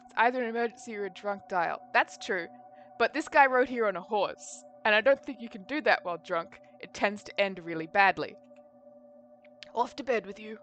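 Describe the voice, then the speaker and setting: A woman streamer with a mid-range voice chats casually as she reads through a story game. Her asides are quick and full of fillers. Soft game music plays faintly behind her. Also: medium pitch, expressive. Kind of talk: casual commentary while reading a story game.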